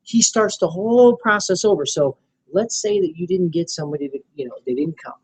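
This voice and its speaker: A man training a small group in network marketing, animated and coaching, often acting out sales dialogue. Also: high voice, fairly quick, gravelly, breathy edge, low-quality recording.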